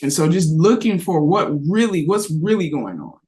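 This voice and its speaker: A man's voice: on the high side, sing-song, normal speed, darkish tone. A man on a parenting discussion panel, telling a reflective anecdote with frequent restarts. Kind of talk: casual discussion.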